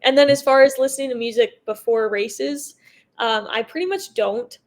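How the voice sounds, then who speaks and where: A young woman with an American accent chats easily as a podcast guest. Her voice sits a little high, and she laughs often and scatters fillers through her talk. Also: normal speed. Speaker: guest, motocross racer. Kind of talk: casual interview chat.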